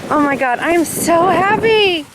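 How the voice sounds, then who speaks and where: A woman vlogging outdoors on a beach with a handheld camera, gushing and gasping with excitement as she talks. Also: extremely high pitch, measured pace. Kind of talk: casual vlog narration. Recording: loud wind noise outdoors. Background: wind and water.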